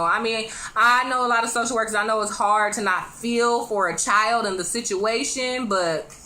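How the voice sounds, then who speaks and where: A woman recapping a TV episode in a casual, chatty way. She is animated, laughs often and speaks straight to her viewers with quick asides. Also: a little high. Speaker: TV show reviewer.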